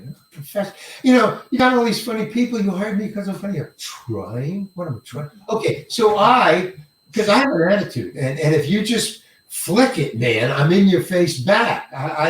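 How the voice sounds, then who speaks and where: An older man, a working actor, telling stories in an interview in an animated way, acting out the lines of others and swearing casually. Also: sits high, normal speed. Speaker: actor guest. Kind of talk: storytelling interview. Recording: echoey room, mic far off.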